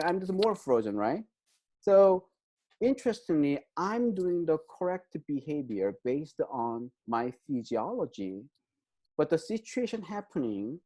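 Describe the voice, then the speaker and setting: A man speaks as an interview guest, walking a listener through an idea step by step. His voice sits a little high yet sounds soft and mellow. His English is non-native and halting, peppered with "um" and a questioning "right?". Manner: hesitant, many fillers, checks in with "right?". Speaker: guest expert on trauma. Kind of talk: explanatory interview talk.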